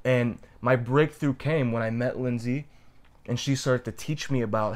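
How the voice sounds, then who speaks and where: A man's voice: mid-range voice, steady tone, normal speed, a little mellow. Earnest, heartfelt male storyteller. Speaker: podcast co-host.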